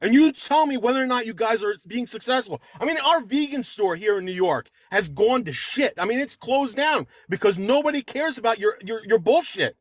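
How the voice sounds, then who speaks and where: A man with a notably high voice argues hard in an online debate. He rambles from point to point, gets worked up and curses. The sound is dry and close. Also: animated, fairly quick, hardly any pauses, no room sound. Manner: rambling, agitated, swears. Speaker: debate caller.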